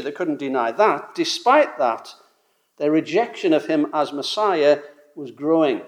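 Emphatic preacher man, fairly high voice. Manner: emphatic, rises and falls in volume, slows on key phrases. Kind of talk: expository sermon.

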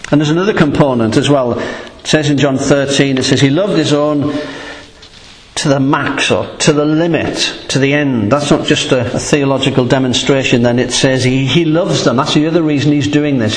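A man delivers a sermon in a relaxed, conversational teaching manner, stressing key points by repeating words. His voice sits at an ordinary middle pitch. The sound carries through a large, echoing church hall with a long tail of reverb. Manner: conversational, emphatic teaching with repetition. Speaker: pastor.

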